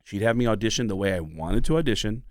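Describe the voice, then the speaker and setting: A male comedian guest telling stories in a casual, animated way, slipping into voices as he goes. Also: lowish voice, fast, no echo, clean studio sound. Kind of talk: casual storytelling.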